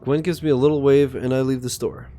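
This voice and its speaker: A man's voice: mid-range voice, fairly even intonation, a little fast, mellow. A male streamer reading a visual novel aloud steadily, with occasional hesitations.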